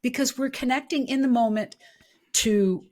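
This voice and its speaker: A woman's voice: sits high, moderate pace, darkish tone. A woman hosting a podcast, talking casually with her guest. She affirms him often with "mm-hmm" and "yeah.". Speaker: podcast host. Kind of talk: casual conversational interview.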